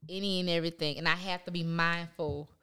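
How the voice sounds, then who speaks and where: A woman co-hosting a casual chat, earnest and deliberate when she speaks. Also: on the low side, steady tone, bright, forceful tone, clear, resonant tone. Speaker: podcast co-host.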